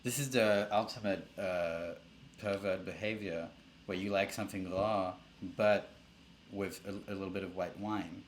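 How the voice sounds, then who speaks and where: A man co-hosting a comedy podcast, joking in a halting, rambling deadpan way about a children's book. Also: sits low, slight background noise. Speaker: podcast co-host. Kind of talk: comedic book reading and banter.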